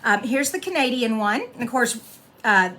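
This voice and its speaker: A middle-aged woman hosting a casual card-making tutorial, chatting warmly and laughing as she reads sayings aloud. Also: fairly high pitch, animated, moderate pace.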